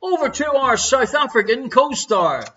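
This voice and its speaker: A man's voice: very high-pitched, big pitch swings, unhurried, sharp tone, dull audio. A man hosting a streamed quiz, joking and chuckling between questions. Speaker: quiz host. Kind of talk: live-streamed quiz chat.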